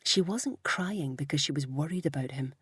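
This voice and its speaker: A woman narrating a novel in a measured, even storytelling voice. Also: low voice, breathy edge, dry recording, clean studio sound. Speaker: audiobook narrator. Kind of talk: scripted narration.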